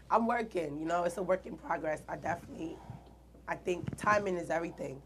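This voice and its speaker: A woman's voice: lowish voice, moderate pace, a little hiss or hum. A woman earnestly telling her own story in an interview, acting out the quoted dialogue with animation. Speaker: guest artist.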